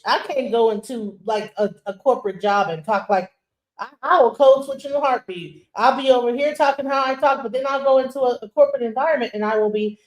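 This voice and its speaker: A woman hosts a casual commentary stream, animated and emphatic, dropping into mocking impressions. Her voice is a bit high and rings in an echoey room. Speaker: host.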